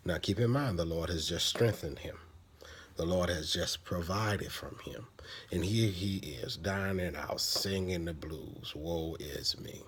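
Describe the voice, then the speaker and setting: Deep-voiced man preaching a dramatic sermon. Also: measured pace, husky. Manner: dramatic delivery, dropping to whispers for emphasis.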